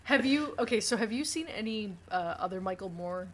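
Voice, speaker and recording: A woman's voice: mid-range voice, expressive, fairly quick. A young woman co-hosting a podcast, talking in casual, rambling chat with lots of fillers. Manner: chatty, rambling, many fillers. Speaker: podcast co-host.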